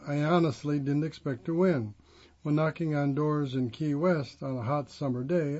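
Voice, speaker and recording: A man's voice: a little high, warm tone, lo-fi sound. An older man, a former prosecutor and judge turned clergyman, telling his life story and acting out the dialogue he quotes. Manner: reflective storyteller who acts out quoted dialogue. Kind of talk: first-person storytelling monologue.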